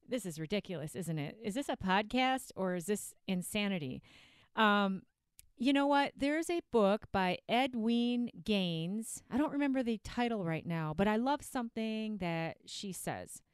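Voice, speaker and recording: A woman's voice: medium pitch, lively intonation, measured pace, clear, resonant tone, no room sound, clean studio sound. A woman hosting a weight-loss podcast, talking bluntly and a little profanely into a podcast mic. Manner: blunt, outspoken, mildly profane. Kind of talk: blunt motivational podcast talk.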